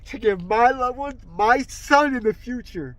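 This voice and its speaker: A middle-aged man talking to camera in a raw, rambling, heartfelt monologue, his voice sinking low and quiet as he grieves. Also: expressive, measured pace, dry recording. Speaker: vlogger.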